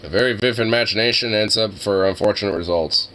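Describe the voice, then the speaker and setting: A man's voice: fast, background noise. A young man streaming, chatting casually and crudely in a rambling way. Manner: rambling, crude, jumps to a high baby voice with his dog. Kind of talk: casual chat.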